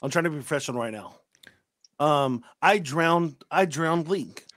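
A man's voice: a little high, moderate pace, a bit bright, no echo, studio quality. A man hosting a casual podcast chat, laughing often and stumbling over his words. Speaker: podcast host.

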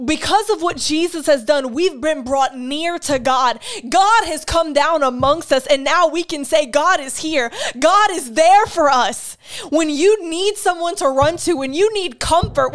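A young woman with a high voice delivers a heartfelt teaching sermon. She speaks earnestly and with emphasis, returning again and again to her key phrases. She draws on her own experience with open feeling. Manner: shares personal testimony with feeling. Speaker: Bible teacher.

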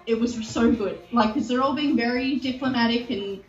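A podcast co-host in her forties retells a TV show in casual chat, heated and swearing as she acts out the voices of the people in it. Her voice is fairly high at a moderate pace. The recording sounds echoey, distant, and dull.

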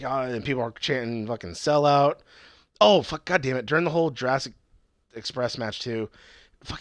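Profane, animated young man chatting. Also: medium pitch, no room sound, studio quality. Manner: profane, animated retelling with quoted voices. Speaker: podcast co-host. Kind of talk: casual chat recapping wrestling.

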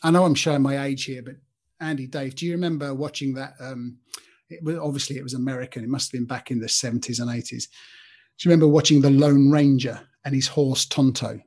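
A man's voice: mid-range voice, fairly even intonation, a little fast, darkish tone. A man in his fifties hosting a podcast, giving an earnest, informal Christian talk and speaking straight to listeners by name. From Britain. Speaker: podcast host.

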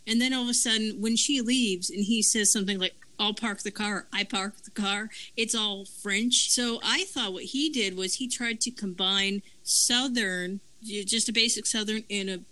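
A woman's voice: fairly high pitch, fairly even intonation, moderate pace, hardly any pauses, sharp tone, low-quality recording. A woman hosting a podcast, talking in a rambling, chatty way and often correcting herself. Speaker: podcast host. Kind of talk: casual review chat.

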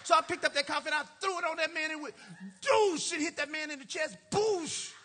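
A male pastor telling a story from the pulpit in an animated, playful way, laughing and talking straight to the congregation. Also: extremely high pitch, very fast, background noise. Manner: colloquial, drawling "y'all" and "ain't". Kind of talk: storytelling sermon.

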